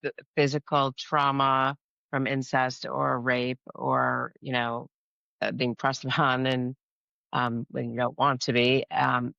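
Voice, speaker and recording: Gravelly-voiced woman podcast host. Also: very deep voice, little pitch movement, fairly bright tone, no echo, muffled recording. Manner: halting, with fillers and restarts. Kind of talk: casual interview chat.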